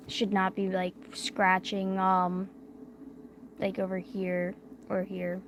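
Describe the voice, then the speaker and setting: A woman's voice: medium pitch, little pitch movement, slow, a little hiss or hum. A young woman chatting casually late at night on a livestream. She talks through a barely opened mouth after wisdom teeth surgery and rambles with many fillers. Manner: rambling, filler-heavy, drifting quiet.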